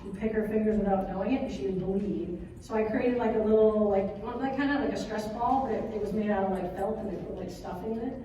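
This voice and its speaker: A woman in her thirties, an educator, giving a chatty, animated conference talk and often checking in with the audience. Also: medium pitch, quick pace, hardly any pauses, a little hiss or hum. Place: large hall at an educators' conference. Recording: echoey hall from far off.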